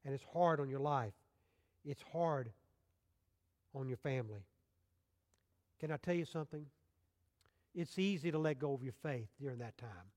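Emphatic preacher in a reverberant hall. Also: male voice. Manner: swings from loud emphatic scripture quotes to soft, low pastoral appeals. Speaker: pastor. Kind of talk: sermon.

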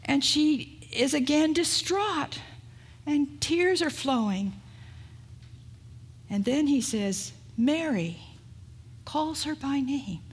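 A woman pastor preaching a sermon, retelling a story in an unhurried way and asking rhetorical questions. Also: high voice.

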